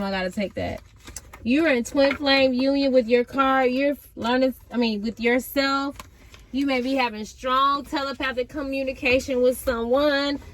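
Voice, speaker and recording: Woman, high voice, tarot reader, casual reading, amped, slangy, chatty. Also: a little hiss or hum.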